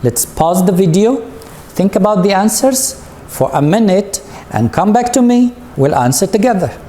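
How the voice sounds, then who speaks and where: High-pitched and mellow, with big swings in pitch, a man's voice guides students through an English lesson. He is patient and unhurried, and he leads with questions throughout this slow classroom recording, which carries slight background noise.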